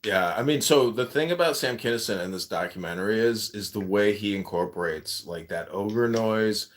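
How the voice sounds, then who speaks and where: A man hosting a podcast in casual chat, rambling and swearing, with loud bursts of laughter. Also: on the low side, moderate pace. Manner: profane, rambling, laughs loudly. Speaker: podcast host.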